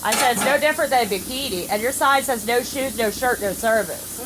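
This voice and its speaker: Over background noise, a brisk, high-pitched middle-aged woman recounts a story as she plays a game on her phone, voicing the lines of the people in it for her family vlog.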